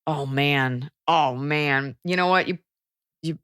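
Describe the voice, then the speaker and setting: A woman's voice: low-pitched, takes it slowly, fairly bright tone, clean tone, dry recording, clean studio sound. A woman hosting a podcast in a casual, playful, jokey chat. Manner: playful, jokey, sing-song bits. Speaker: podcast host.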